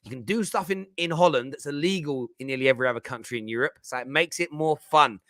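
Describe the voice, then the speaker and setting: A man's voice: medium pitch, quick pace, bright, forceful tone, no room sound, studio quality. A man hosting a live football phone-in stream, chatting and bantering with viewers. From England. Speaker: football podcast host.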